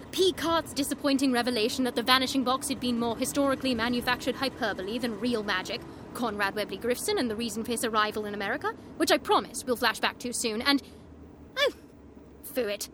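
A woman's voice: fairly high pitch, a little fast, noisy background. A woman narrating a comedic audio drama in a theatrical, teasing manner.

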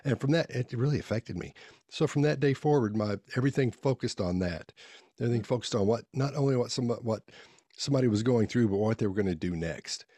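A man's voice: medium pitch, lively intonation, brisk, dark tone, no echo, clean studio sound. A man being interviewed as a guest, telling stories in a folksy, rambling way and often restarting his sentences. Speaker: podcast guest, body language expert. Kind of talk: casual storytelling interview.

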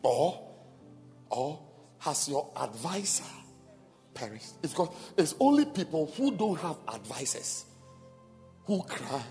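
A male preacher delivers his sermon in an animated, high voice that rises and falls dramatically. He repeats key phrases for emphasis and urges the congregation to pray, with faint music behind him. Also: slow pace, pauses often, big-room sound. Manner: emphatic, repetitive, calls for responses. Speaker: pastor.

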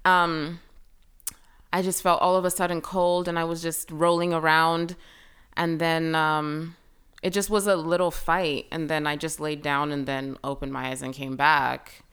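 A young woman telling a personal story as a guest in a casual chat, full of fillers and lively retelling. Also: deep voice, unhurried, clear, resonant tone. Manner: chatty, filler-heavy, animated retelling.

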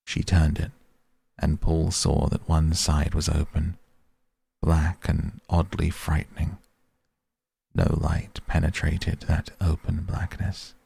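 A man narrating an audiobook in a measured, grave storytelling manner, recorded on a close studio mic. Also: very deep voice, monotone, vocal fry, mellow, breathy edge. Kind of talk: scripted narration.

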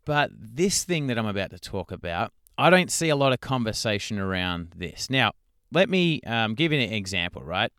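A man's voice: fairly low pitch, big pitch swings, normal speed, fairly bright tone, clear, resonant tone, no room sound, studio quality. A man hosting a podcast as a coach, talking casually and conversationally and often checking in with the listener. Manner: conversational, frequent "right?" check-ins. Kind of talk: casual solo podcast talk.

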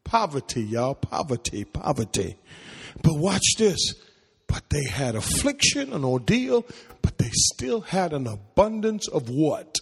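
A man's voice: fairly high pitch, sing-song, measured pace, creaky, husky. A man preaching a call-and-response sermon in a church, calling questions to the congregation for them to answer. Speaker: pastor. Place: church sanctuary. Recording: long hall reverb.

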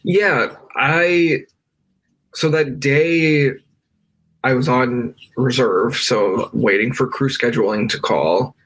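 A man's voice: medium pitch, takes it slowly, fairly bright tone. A man from the United States, a guest on a podcast, tells his story in a loose, conversational way that is full of "like" and restarts. He is speaking from his bedroom over a video call. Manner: emotional, many fillers and restarts.

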